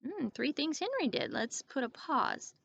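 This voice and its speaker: A woman teacher giving a grammar lesson to young children, speaking slowly and clearly and checking in with "okay?". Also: high voice, very animated, fairly bright tone. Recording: dull lo-fi recording.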